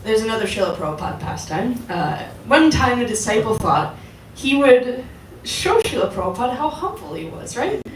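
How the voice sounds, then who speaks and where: A woman leads a casual devotional class, her pitch rising and falling in a lively way as she puts questions to the group. She sounds a little distant from the mic, in a roomy, echoing hall with faint ambience behind her. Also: normal speed, slight background noise. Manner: conversational, asks the audience questions. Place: temple hall. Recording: echoey hall, voice from far off.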